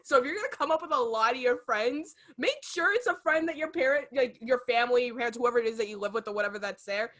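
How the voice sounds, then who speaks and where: A woman's voice: on the high side, fast talker, few pauses, fairly bright tone. A woman in her twenties co-hosting a podcast, telling stories bluntly in casual chat, swearing freely. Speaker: podcast co-host.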